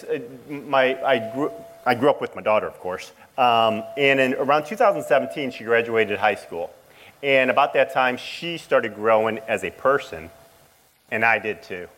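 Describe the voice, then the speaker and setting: Father giving a halting church testimony. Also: medium pitch, fairly bright tone, slight background noise, poor audio. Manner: halting, emotional storytelling with many restarts. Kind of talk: personal testimony to a church audience.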